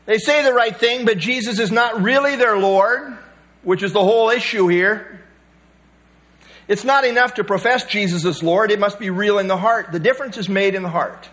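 A man's voice: high voice, a bit bright. A male pastor preaching a sermon, emphatic and repeating key phrases for weight.

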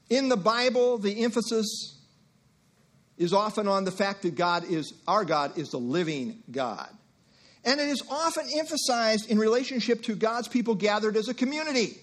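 A male pastor delivers a sermon in a relaxed, conversational way. He breaks off for asides and acts out short exchanges. His voice sits fairly high for a man. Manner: conversational preaching with asides and acted-out dialogue.

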